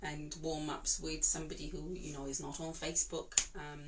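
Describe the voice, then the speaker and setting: An Italian-born woman, an opera singer, talks casually to her online students. Her voice sits on the low side for a woman. She rambles and restarts, filling her pauses with "um". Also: level tone, noisy background. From Italy. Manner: chatty, rambling, with many fillers and restarts. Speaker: opera singer and vocal coach. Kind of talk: casual chat to online class.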